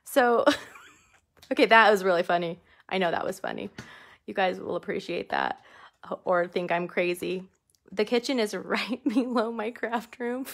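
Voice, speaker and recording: Chatty woman with a gravelly voice. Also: mid-range voice, measured pace. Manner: chatty, laughs often, jokes about herself. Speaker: stamping craft demonstrator. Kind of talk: live craft tutorial. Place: home craft room. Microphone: desk camera under studio lights.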